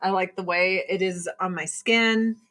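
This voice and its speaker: Bright-voiced woman ranting on a livestream. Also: lowish voice, a little slow. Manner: profane, animated, mocking voices in quotes. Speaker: livestream host selling products. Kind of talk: casual livestream rant.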